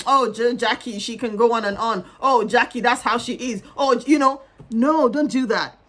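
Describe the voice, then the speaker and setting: A woman's voice: sits high, fairly bright tone. Earnest woman counselor giving marriage advice. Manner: earnest, conversational, many "you know" fillers. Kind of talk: advice talk to camera.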